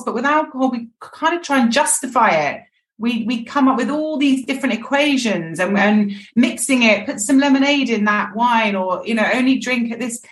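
A woman speaking as a podcast guest, frank and reflective, often restarting her phrases. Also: mid-range voice. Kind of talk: candid podcast conversation. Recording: echoey, distant mic.

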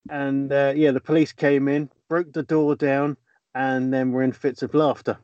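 A man's voice: mid-range voice, little pitch movement, moderate pace, a little mellow, no echo, muffled recording. A man, co-hosting a podcast and telling a news story with a casual, teasing manner. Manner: storytelling with fillers and teasing questions. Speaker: podcast co-host reading news stories. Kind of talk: casual chat.

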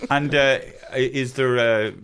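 A man's voice: mid-range voice, fairly even intonation, a little slow, a bit bright, clean tone. A man, hosting a casual, playful chat full of teasing asides. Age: 50s. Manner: teasing, playful, with many restarts. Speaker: podcast host.

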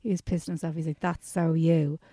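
An Irish woman chats on a podcast, telling a lively story and putting on the voices of the people in it. Her tone is mellow and warm. The sound is close and dry, with no room around her. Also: sits low, a little fast, no room sound. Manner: animated storyteller, acts out quoted voices. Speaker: podcast co-host. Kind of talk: casual chat.

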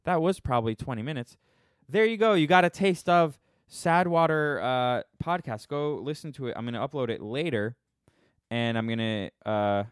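Live-streaming a podcast from his phone, a man in his thirties rambles casually, joking with sarcasm and self-mockery and restarting often. His mid-range voice is smooth, and the audio is studio quality with no room sound.

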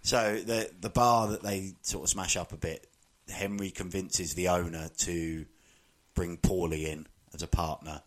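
Deep-voiced man chatting casually. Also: unhurried. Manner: relaxed, laughing, quotes film lines. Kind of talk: casual chat recapping a film.

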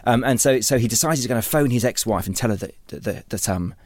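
A man's voice: medium pitch, animated, fast, no echo. Man, author-teacher, rambling interview talk, lots of restarts, dry sound. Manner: rambling, many restarts and repeated words. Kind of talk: conversational interview.

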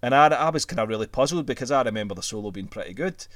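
A man's voice: medium pitch, animated, racing, no room sound. A young Scottish man hosting a casual podcast chat, sweary, laughing often and restarting his sentences. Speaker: podcast host.

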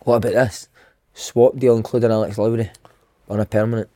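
A man's voice: fairly low pitch, flat delivery, fairly quick, mellow. A Scottish man co-hosting a casual football podcast, bantering, swearing freely and firing off questions to the others. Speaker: podcast co-host.

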